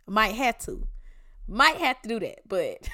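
A woman with a Georgia Southern accent hosts a casual devotional podcast in a high, bright voice, speaking slowly but with great animation. She exhorts listeners emphatically, her pitch swinging widely as she blends slang with preaching.

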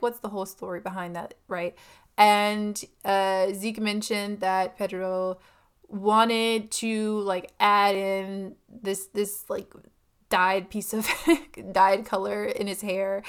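A woman's voice: medium pitch, clear, resonant tone. A young woman chatting casually about a film, giggling and full of fillers and asides.

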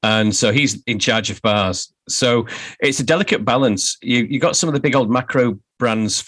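Halting, wry male interview guest. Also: mid-range voice, fairly bright tone. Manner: halting, many restarts, wry with frequent laughs. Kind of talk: casual interview chat.

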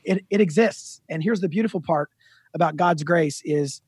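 A man in his fifties with a notably high, husky voice, telling lively, self-deprecating stories as a guest author. The recording is dry and close, with no room sound. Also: moderate pace, dry recording. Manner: animated, self-deprecating storyteller. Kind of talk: casual storytelling interview.

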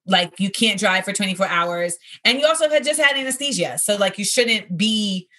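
A woman's voice: mid-range voice, lively intonation, moderate pace, sharp tone. A woman in her thirties, a comedian hosting a podcast, chatting casually in a rambling, conversational way. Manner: rambling, conversational, filler-heavy. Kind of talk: casual chat.

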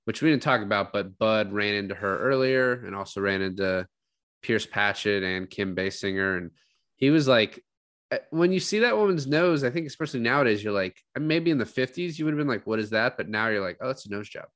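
This podcast co-host discussing a film has a fairly low, fairly bright voice and a brisk pace, recorded with no echo. Rambling and profane, he recounts scenes from the movie and performs the quotes.

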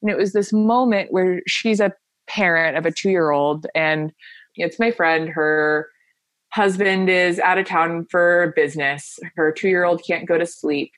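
A woman's voice: on the low side, measured pace, dry recording. A woman, a guest on an interview, talking earnestly and animatedly as she tells a personal story. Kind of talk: conversational interview.

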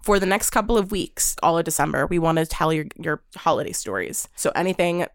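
A woman's voice: deep voice, a little fast, dry recording, clean studio sound. A woman co-hosting a podcast, chatting casually, laughing often and giving listener reminders. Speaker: podcast co-host. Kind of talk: casual chat.

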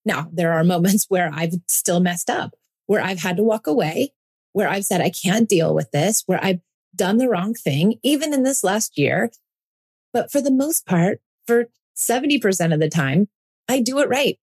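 A woman's voice: medium pitch, lively intonation, moderate pace, a little mellow, husky. A woman in her forties hosting a parenting podcast, talking listeners through her ideas in an earnest, reassuring monologue.

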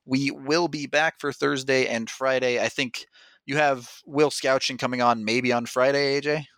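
A man's voice: medium pitch, fairly even intonation, moderate pace, a bit bright, no echo. A man hosting a hockey podcast in casual chat, steering the talk and laughing easily. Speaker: podcast host. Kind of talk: casual sports chat and host-read ad.

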